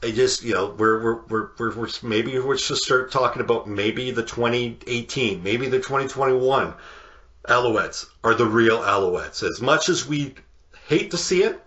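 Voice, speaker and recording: A man co-hosting a casual sports podcast, talking in halting bursts with many restarts and fillers. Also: medium pitch, a bit bright, dull audio. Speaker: podcast co-host. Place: home podcast studio.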